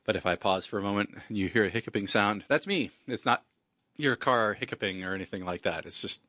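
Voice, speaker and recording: Male radio host with hiccups, lowish pitch, casual rambling delivery, dry close studio mic. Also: a little fast, sharp tone, no room sound. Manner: rambling, conversational, with restarts. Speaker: radio host, estate attorney.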